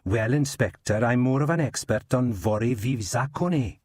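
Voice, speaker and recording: A man's voice: mid-range voice, normal speed, a little mellow, no echo, pitched above the performer's own voice, lightly acted. A man voicing a sardonic Welsh police inspector with a Welsh accent, dry and teasing. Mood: wary.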